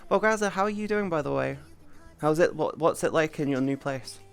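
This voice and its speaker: A livestreamer chats casually at a middling pitch, quick to swear and often tripping over and restarting sentences. Faint music plays underneath. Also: creaky, clear, resonant tone. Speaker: streamer.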